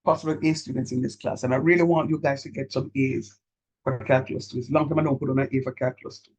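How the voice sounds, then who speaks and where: A man teaching a calculus class, encouraging his students and repeating key steps slowly so they follow. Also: medium pitch, steady tone, darkish tone, slightly rough, lo-fi sound. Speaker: calculus lecturer. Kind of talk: online math lecture.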